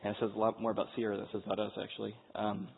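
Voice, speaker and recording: A man's voice: lowish voice, monotone, racing, vocal fry, a little hiss or hum. A man in his forties speaks to an audience, telling an earnest personal story with frequent restarts. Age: 40s. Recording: tinny, echoey hall sound.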